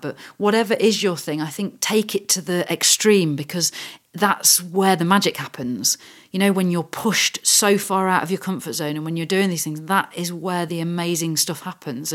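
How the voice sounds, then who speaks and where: Low-voiced woman telling her story. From United Kingdom. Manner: earnest, animated storytelling with quoted inner thoughts. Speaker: guest adventurer. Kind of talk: casual interview chat.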